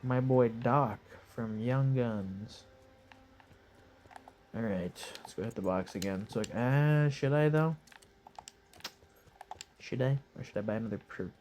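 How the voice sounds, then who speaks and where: Hoarse, stuffy-nosed man rambling through gameplay. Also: mid-range voice, takes it slowly, long pauses, a little mellow, slight background noise. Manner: laid-back, rambling, swears casually. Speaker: gaming commentator. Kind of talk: casual live gameplay commentary. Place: lying in bed at home.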